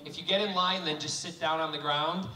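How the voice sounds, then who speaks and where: A man's voice: fairly high pitch, fairly even intonation, a little fast. A man talking on a live convention panel, teasing and joking with fans in camp banter. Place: large convention hall with audience. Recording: echoey hall, distant, loud crowd.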